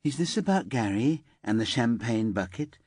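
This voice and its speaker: A man voicing an anxious, eager-to-please young office worker with a high, light, slightly camp voice in an audiobook. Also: lively intonation, moderate pace, a little mellow, slightly rough, dry recording, studio quality. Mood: distraught.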